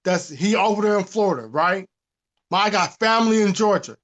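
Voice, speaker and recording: A man's voice: high voice, a little fast. A man, ranting with profanity in a casual podcast talk. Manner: animated, profane, preachy. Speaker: podcast host. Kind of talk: casual rant.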